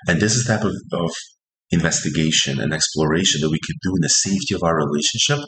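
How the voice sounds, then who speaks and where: A man's voice: rumbling low, fast talker, fairly bright tone, echoey room, rough recording. A man hosting a podcast who explains couple dialogues in an earnest, instructive way and acts out example lines. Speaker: couples therapist and podcast host. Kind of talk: podcast monologue teaching.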